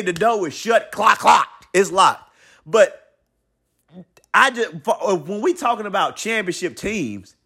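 High, animated man talking basketball. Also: slightly rough. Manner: animated, blunt, colloquial, repeats himself. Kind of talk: opinionated basketball commentary monologue.

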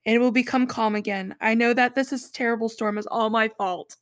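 A woman's voice: fairly high pitch, fairly even intonation, brisk, lightly acted. A woman voicing a resigned runaway prophet, a grown man admitting his fault.

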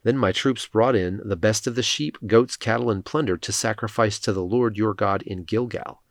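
A man reading the lines of a defensive male king who pleads for pardon, in a solemn, steady reading. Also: on the low side, moderate pace, dry recording, studio quality, natural voice. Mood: pleading.

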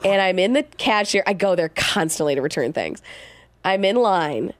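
A woman's voice: mid-range voice, moderate pace, no room sound. A pregnant woman in her thirties co-hosting a podcast, telling stories with lots of laughter and acted-out quotes. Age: 30s. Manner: animated storyteller, acts out quotes, laughs a lot. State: heavily pregnant. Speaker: podcast co-host. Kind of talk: casual chat.

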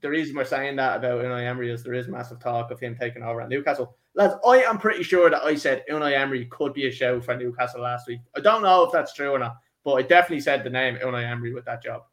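A man's voice: mid-range voice, quick pace, few pauses, fairly bright tone. A man hosting a casual football podcast, jokey and laddish, calling his co-hosts lads. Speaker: podcast host.

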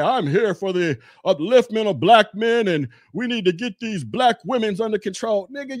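A man doing a casual commentary podcast from his desk at home, blunt and mocking with loud bursts. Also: sits high, no room sound, clean studio sound.

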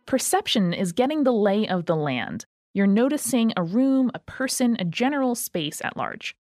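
A woman playing a tabletop game, cheerfully explaining the rules clearly. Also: fairly high pitch, sing-song, normal speed, darkish tone, no room sound, clean studio sound. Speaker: player. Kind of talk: casual chat.

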